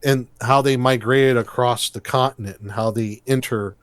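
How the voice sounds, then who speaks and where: A man's voice: mid-range voice, fairly even intonation, normal speed, no echo. A man co-hosting a podcast, chatting casually about a tabletop game setting, rambling with frequent restarts and easy laughs. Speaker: podcast co-host.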